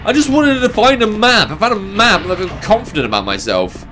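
A man's voice: sits high, big pitch swings, a little fast, sharp tone, soft background music. A young man giving casual, sarcastic let's-play commentary, swearing and talking back to the game. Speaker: gaming commentator.

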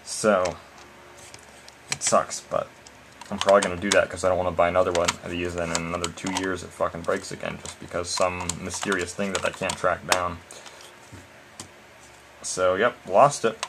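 Brief: low-voiced man venting about his gear at home, frustrated, swears freely, faint room hum behind. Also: level tone, normal speed, long pauses. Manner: exasperated, swears a lot, addresses viewers as guys and man. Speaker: vlogger. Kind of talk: casual ranting vlog.

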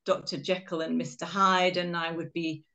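A woman's voice: lowish voice, flat delivery, normal speed, pushed and bright. Chatty English-born woman giving a talk. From England. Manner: chatty, self-deprecating storytelling. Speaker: guest speaker. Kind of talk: webinar talk with slides.

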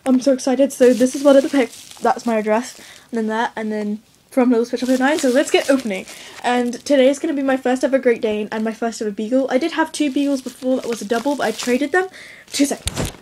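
A teenage girl gushing and squealing with excitement as she opens a package of toys. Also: high voice, quick pace, slight background noise. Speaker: toy collector vlogger. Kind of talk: excited unboxing vlog.

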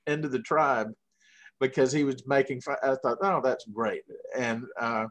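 A man's voice: medium pitch, normal speed. Southern man telling rambling stories. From Georgia, US. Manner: rambling, animated anecdotes with frequent fillers. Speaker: guest puppeteer. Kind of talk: casual interview storytelling.

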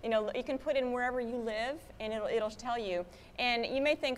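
A woman from Massachusetts, an astronaut guest, chatting with an audience in a lively way and telling anecdotes. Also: a little high, a little fast, slight background noise. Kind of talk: public talk answering audience questions. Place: museum auditorium.

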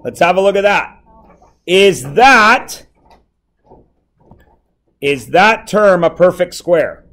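Man, math teacher, high voice, slow pace, playful, quizzing a class. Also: lively intonation, a bit bright. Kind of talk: classroom lesson.

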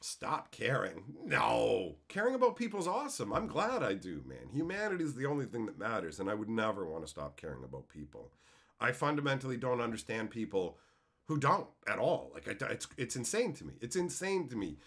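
A man streaming live, chatting casually with his viewers in a loose, profane way that breaks into loud exclaiming. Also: medium pitch, huge pitch swings, brisk, breathy edge. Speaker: streamer answering chat.

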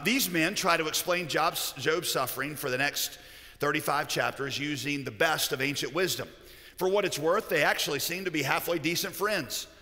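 A pastor preaching a sermon, telling stories and cracking jokes along the way. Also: male voice, fairly high pitch, sharp tone. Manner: storytelling with joking asides. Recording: echoey hall with long reverb.

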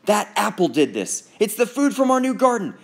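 A man voicing a young boy who is anxious, excitable and quick to exclaim in alarm. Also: creaky, slightly rough, full character voice. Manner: high, fretful, exclaiming.

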